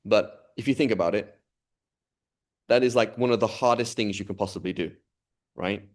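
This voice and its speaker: Guy teaching a class, lowish voice, super conversational, keeps asking "right?". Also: moderate pace. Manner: conversational, asks students "right?" often. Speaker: Islamic studies teacher. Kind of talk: informal class lecture.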